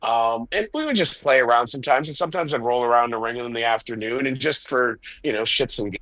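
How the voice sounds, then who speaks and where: Animated middle-aged man telling stories. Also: medium pitch, brisk, dry recording, poor audio. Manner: animated, self-deprecating, acts out quotes. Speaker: wrestling promoter guest. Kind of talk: candid storytelling interview.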